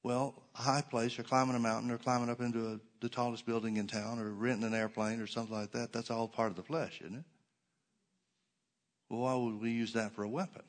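A middle-aged man preaching a sermon as pastor, emphatic and sometimes sarcastic, slowing down to stress repeated words. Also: mid-range voice, steady tone.

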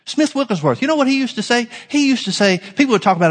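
Male pastor, preaching a sermon, emphatic and dynamic, slightly higher pitch, big reverberant hall. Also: animated, quick pace, few pauses. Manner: emphatic preaching, swinging from loud to hushed.

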